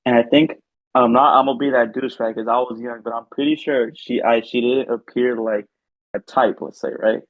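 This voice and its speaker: Young dude rambling thru a story, lots of "like" and "right", dry dull mic. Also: male voice, mid-range voice, steady tone, fairly quick, dry recording. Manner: rambling, filler-heavy storytelling. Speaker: podcast co-host. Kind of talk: casual storytelling chat. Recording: dull lo-fi sound.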